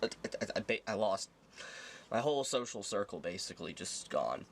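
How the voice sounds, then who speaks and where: A man in a video telling a personal story in a halting, hurt way, repeating himself. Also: fairly low pitch, animated, creaky, a little hiss or hum. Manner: halting, hurt, quiet retelling.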